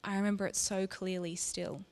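A woman narrates in the first person, speaking softly and reflectively in a mid-range voice. Her words trail into a long reverb, as if recorded in a large hall. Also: medium pitch, little pitch movement, normal speed. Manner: soft, reflective, intimate. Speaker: storyteller. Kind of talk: first-person scripted storytelling.

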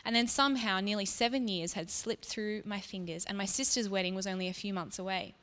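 A woman narrates in the first person, speaking softly and reflectively in a mid-range voice. Her words trail into a long reverb, as if recorded in a large hall. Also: mid-range voice, steady tone, a little fast. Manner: soft, reflective, intimate. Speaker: storyteller. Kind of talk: first-person scripted storytelling.

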